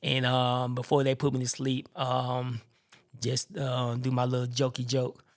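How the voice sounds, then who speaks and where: A man shares his personal testimony as a podcast host. His voice carries a gravelly edge at a middle pitch. He tells it in an animated, expressive way and acts out the people in his story. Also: measured pace.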